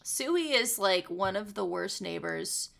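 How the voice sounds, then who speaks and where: A woman's voice: medium pitch, slow, gravelly. A woman co-hosting a casual chat, rambling and swearing as she tells stories. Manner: rambling, profane, animated storytelling.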